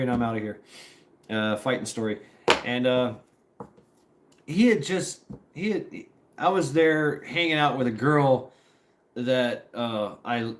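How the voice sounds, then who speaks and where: A man, a former Marine, telling a story to a live audience in a rambling, profane way with lots of fillers. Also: medium pitch.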